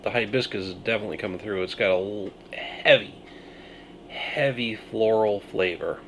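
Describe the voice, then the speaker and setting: A man reviewing a beer on his video channel, musing through his tasting notes with pauses and thoughtful hums. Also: on the low side, fairly bright tone, slight background noise. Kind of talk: casual beer review vlog.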